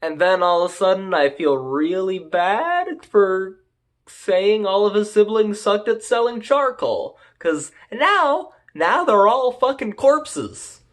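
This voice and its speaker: A man's voice: high voice, animated, slow pace. A young man recapping an anime in a casual, rambling and crude manner, joking as he goes. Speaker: anime reviewer.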